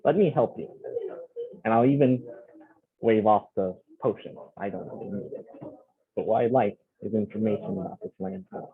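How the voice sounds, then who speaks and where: A man voicing a solemn male paladin in a tabletop game, speaking in a measured, earnest way. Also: on the low side, lively intonation, vocal fry, slightly rough, full character voice. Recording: tinny phone-like line.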